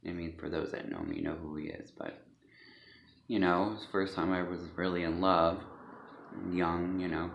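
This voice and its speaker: A man gives a hesitant personal testimony, full of pauses and fillers. His voice sits very low with a gravelly texture. The recording is dull and lo-fi, with a roomy echo. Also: expressive, slight background noise. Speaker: speaker sharing a personal story. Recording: echoey dull lo-fi room.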